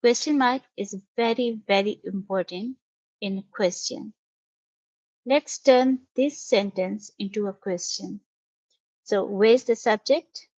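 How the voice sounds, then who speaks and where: A woman teacher talks through a grammar lesson at an unhurried, careful pace. Her voice is mid-pitched and sits dry and close. The audio is a little dull and lo-fi. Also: a little mellow, no room sound. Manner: patient, spells out each step. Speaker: English teacher. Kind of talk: slow, careful classroom explanation.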